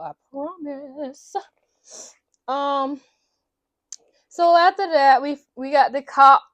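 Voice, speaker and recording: A woman casually recapping a movie in a chatty, animated, slangy way, cursing freely. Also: a little high, no room sound. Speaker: vlogger.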